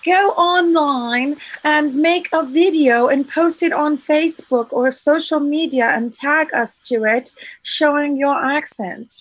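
Woman co-host on a radio talk show, high voice, playful teasing. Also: slow pace, few pauses, dry recording, rough recording. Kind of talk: casual live radio show chat.

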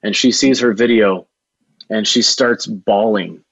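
A man with a fairly low voice tells a long personal story in an interview, earnest and rambling, circling back with fillers and restarts. The sound is dry and a bit dull, like a modest lo-fi recording. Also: steady tone, measured pace, gravelly, fairly bright tone, breathy edge, no room sound. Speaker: video production business owner, guest.

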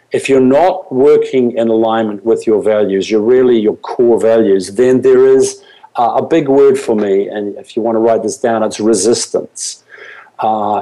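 A man's voice: mid-range voice, warm tone, poor audio. A man speaking as a business coach on a show, telling stories earnestly and often restarting his sentences with fillers.

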